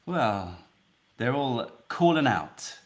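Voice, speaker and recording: A man of ordinary pitch hosts a relaxed live stream from home, rattling off greetings to viewers. His talk is chatty and easygoing, with quick reading and playful asides. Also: crowd noise. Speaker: livestream host. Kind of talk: casual live-stream chat. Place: home in London.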